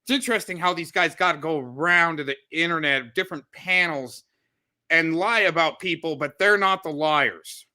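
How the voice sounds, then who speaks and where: A man's voice: a little high, moderate pace, sharp tone. A man making sarcastic, mocking remarks in casual stream commentary.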